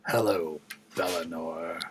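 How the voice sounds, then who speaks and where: A man voicing a deep, ominous male spirit who taunts and threatens in a slow, resonant voice. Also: fairly even intonation, very noisy. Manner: menacing, taunting.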